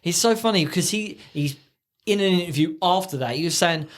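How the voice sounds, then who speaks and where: Lively man telling funny stories. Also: brisk. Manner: animated storyteller, acts out quotes in a high voice. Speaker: podcast co-host. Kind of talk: casual chat.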